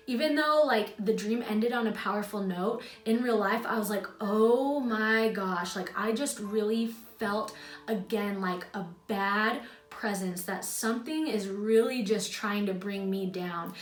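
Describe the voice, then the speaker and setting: A woman's voice: medium pitch, measured pace, roomy sound. A young woman telling a personal story in a casual vlog, chatty and full of "like", emotional at times. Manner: chatty, heavy use of "like". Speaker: YouTuber. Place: her home, indoors.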